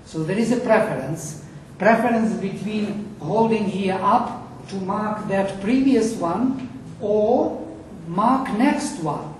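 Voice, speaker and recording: Passionate man chanting in an echoey room. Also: high voice. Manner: passionate, chants verses slowly. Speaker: Sanskrit teacher. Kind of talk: lecture with chanted Vedic recitation. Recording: echoey room, far from mic, faint noise.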